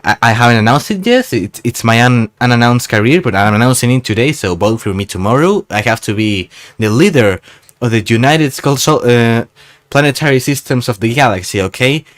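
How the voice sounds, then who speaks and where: A man giving casual, sarcastic voice-over commentary over gameplay, rambling and ending many sentences with a quick "okay?". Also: mid-range voice, expressive. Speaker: gaming YouTuber.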